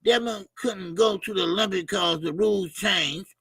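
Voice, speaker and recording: A man's voice: sits high, normal speed, sharp tone, breathy edge, no echo, clean studio sound. A middle-aged man hosts a casual boxing livestream. He talks loose and profane, laughs a lot and reads out viewer comments and donations.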